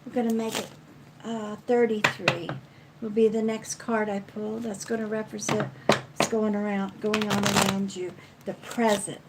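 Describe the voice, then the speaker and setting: A middle-aged woman giving a live psychic card reading in a slow, chatty way, counting cards aloud. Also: medium pitch, flat delivery, heavy background noise. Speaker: psychic reader.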